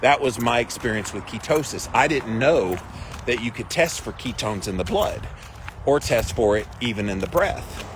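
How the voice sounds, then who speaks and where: A man of middle pitch hosting a livestream, retelling a story in a chatty, animated way. A steady wash of traffic noise runs under his voice. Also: normal speed. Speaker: host.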